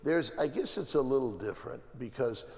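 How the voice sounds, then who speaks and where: A man's voice: mid-range voice, lively intonation, a little fast, gravelly. A man from the American Midwest, an archbishop speaking as a guest on a panel. He talks emphatically, piling up repeated phrases and restarting his sentences. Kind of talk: conversational panel talk. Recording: long hall reverb.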